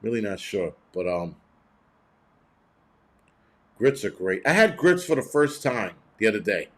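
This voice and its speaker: A man's voice: on the low side, sing-song, measured pace, a bit bright. A middle-aged man hosting a livestream, reading chat and ranting bluntly with heavy cursing in a cranky, rambling way.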